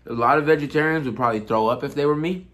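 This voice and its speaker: A young man hosting a casual food vlog, talking loosely and excitedly to his viewers in slang. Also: fairly high pitch, very fast. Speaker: podcast host. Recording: music playing behind.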